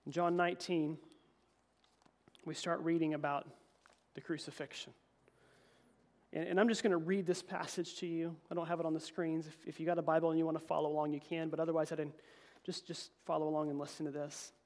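A man preaching a sermon as pastor, reading scripture and swinging between emphatic peaks and quiet, low asides. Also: fairly quick. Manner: animated preaching, voice rising to emphatic peaks then dropping low.

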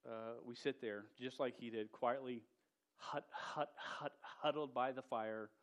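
A man's voice: mid-range voice, fairly even intonation, measured pace. A man preaching a sermon in a casual, slangy way, often stuttering and repeating the start of words. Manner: says "dude" and "y'all".

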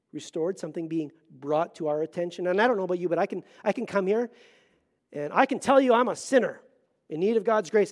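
A middle-aged man preaching a Sunday sermon in a fairly high voice. He talks earnestly and presses hard on key lines, then drops to quiet, hushed asides. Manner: earnest, swings between loud emphasis and hushed asides. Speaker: pastor.

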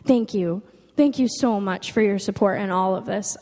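A woman's voice: medium pitch, normal speed, dark tone, big-room sound. A young woman sharing a personal testimony with an audience, earnest and emotional, often saying "like". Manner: earnest and emotional, with frequent "like" fillers. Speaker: speaker giving a testimony.

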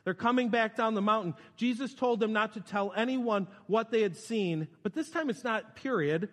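Male pastor, high voice, casual storytelling sermon, long hall reverb. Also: moderate pace, a bit bright. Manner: conversational, storytelling with quoted voices.

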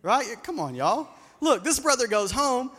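A man's voice: extremely high pitch, very animated, measured pace, a bit bright, breathy edge. A man preaching a sermon in a church, speaking conversationally, asking the congregation questions and repeating words as he restarts. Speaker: pastor. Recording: long hall reverb.

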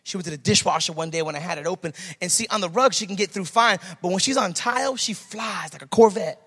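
A man's voice: sits high, fast talker, a bit bright, breathy edge, in a large hall. A man preaching a sermon as pastor, emphatic and repeating his key phrases to the church.

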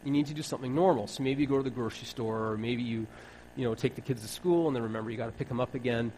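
A man's voice: medium pitch, racing, a little mellow, a little hiss or hum, rough recording. A man preaching a sermon in a wry, conversational way, acting out bits of dialogue.

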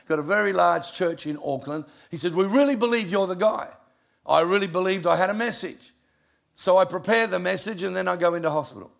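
A middle-aged pastor with a gravelly, fry-laden voice sitting a little high. He tells a sermon story with a comic touch, often sinking into quiet, emotional tones. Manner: gravelly voice, humorous, drops quiet for emotional moments.

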